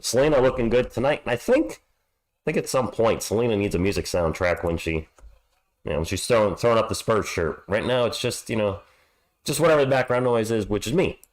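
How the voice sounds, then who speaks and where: Hoarse, chatty sports stream host. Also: male voice, fairly low pitch, fairly quick. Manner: upbeat, chatty, greets viewers. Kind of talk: casual live play-by-play chat.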